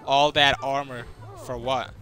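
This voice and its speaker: A young man giving casual gameplay commentary, excitable and trash-talking, swearing often, as a gaming YouTuber. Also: medium pitch, measured pace. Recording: game music behind. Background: game music.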